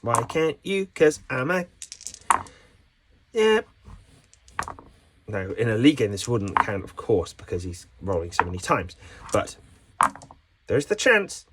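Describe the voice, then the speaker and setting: A man's voice: mid-range voice, expressive, measured pace, pauses often, noisy background. A man hosting his own channel, rambling through a jokey, self-mocking explainer. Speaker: channel host.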